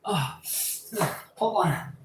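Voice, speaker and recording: A man hosting a casual live stream, rambling and excitable, laughing and swearing as he talks. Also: high voice, extremely slow. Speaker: live-stream host showing his pet invertebrates. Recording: echoey room with faint ambience.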